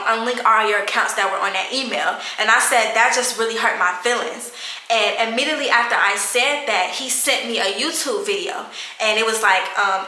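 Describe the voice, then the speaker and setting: Young woman, storytime vlog, high-pitched, bright, animated. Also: echoey room. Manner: emotional, animated retelling with fast-rising high quoted cries. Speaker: YouTuber. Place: bedroom.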